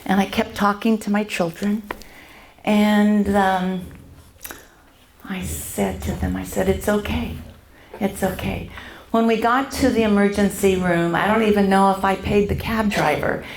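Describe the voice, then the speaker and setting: Older woman, church testimony, unhurried and halting, roomy echoey church hall. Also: medium pitch, steady tone, a little hiss or hum. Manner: halting, with many pauses and fillers. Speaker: church member sharing her testimony. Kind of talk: personal faith testimony.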